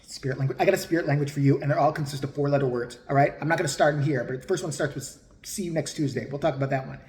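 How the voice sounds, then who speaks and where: A man's voice: a little high, steady tone, very fast, darkish tone. A man giving crude, mocking comedic commentary in a profane ranting style. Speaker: host. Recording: roomy echo.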